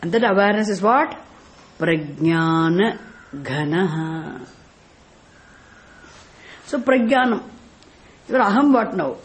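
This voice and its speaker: A woman's voice: a little high, a little fast. A woman from South India with a South Indian accent, giving a scriptural lecture as a spiritual teacher and quizzing her listeners with rhetorical questions about Sanskrit terms. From Tamil Nadu, India.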